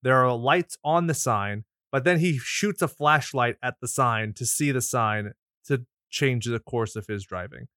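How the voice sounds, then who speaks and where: Speaking a little slowly at medium pitch, this male podcast co-host has a fairly bright tone and no room sound. He's casually recapping a movie into a pop-filtered studio mic, swearing often and trading sarcastic, teasing banter.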